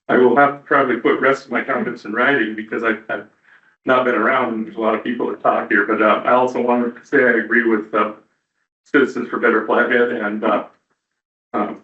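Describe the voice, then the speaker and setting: A man making a public comment at a meeting, halting and full of fillers, skeptical in tone. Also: medium pitch. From United States. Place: council chamber. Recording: dull, roomy meeting audio from far off.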